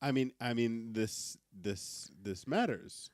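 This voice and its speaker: A man's voice: medium pitch, slow, dry recording, clean studio sound. A man co-hosting a podcast in casual chat, often stammering over his words and laughing. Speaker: podcast co-host.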